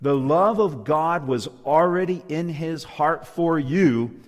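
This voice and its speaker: A man's voice: a little high, takes it slowly, in a large hall. A man preaching a sermon, emphatic and asking his listeners questions. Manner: emphatic, asks the audience questions. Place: church hall, live audience.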